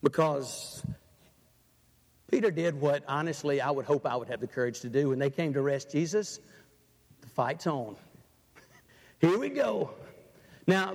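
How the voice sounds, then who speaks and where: In a big church hall thick with lingering reverb, a preacher with a high voice swings dramatically between hushed tones and loud declarations. His sermon is very lively, packed with one rhetorical question to the congregation after another.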